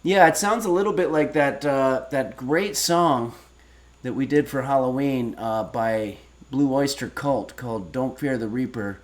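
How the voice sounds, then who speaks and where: A man in his fifties hosting a casual cooking livestream, reading viewer messages aloud and answering with deadpan, rambling stories. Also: medium pitch, measured pace. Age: 50s. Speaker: streaming cooking show host.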